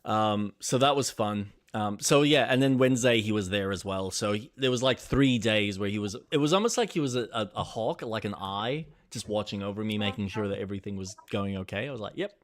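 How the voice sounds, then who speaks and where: A man's voice: on the low side, brisk, few pauses, dry recording. A young man co-hosting a casual chat stream, swearing freely and acting out the people in his stories. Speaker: podcast co-host.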